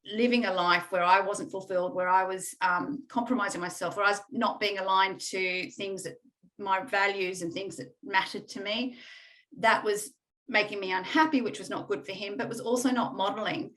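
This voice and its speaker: Middle-aged woman, coaching client, candid and reflective, halting delivery with fillers, average pitch. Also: fairly even intonation, a bit bright, low-quality recording. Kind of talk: candid testimonial conversation.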